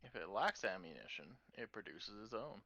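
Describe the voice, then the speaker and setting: Player rattling off dice rolls, bright lively voice, really into it. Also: low-pitched, moderate pace, gravelly, dry recording, muffled recording. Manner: eager, relishes describing violent hits. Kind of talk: casual tabletop play.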